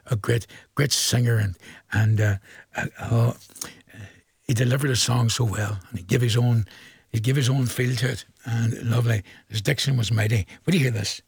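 Older Northern Irish male radio presenter, gravelly, husky, chatty and teasing, dry close sound. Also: medium pitch, no room sound. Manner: chatty, teasing, laughs often. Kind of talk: casual radio shout-outs.

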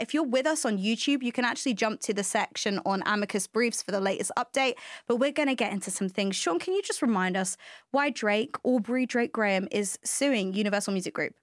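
A woman hosting a podcast, bubbly and playful with quick asides. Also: medium pitch, no room sound, clean studio sound. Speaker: podcast host. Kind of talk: upbeat scripted podcast intro and chat.

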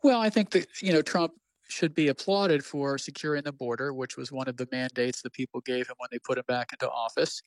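Guy analyst on a news show, gravelly, talks fast. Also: medium pitch, fairly even intonation, no room sound, poor audio. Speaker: legal analyst guest. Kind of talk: news interview.

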